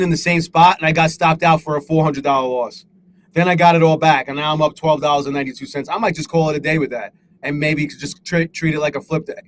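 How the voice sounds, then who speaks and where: Hosting a live trading stream, a man talks in a voice on the high side, a bit bright, with a little hiss or hum audible. He's rambling, profane and self-critical, and he greets chatters by name.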